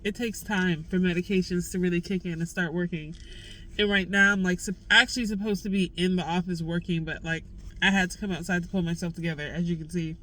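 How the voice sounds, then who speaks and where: A woman's voice: lowish voice, fairly even intonation, brisk, fairly bright tone, low-quality recording. A young woman vlogging candidly, venting raw frustration in casual slang. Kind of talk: candid personal vlog.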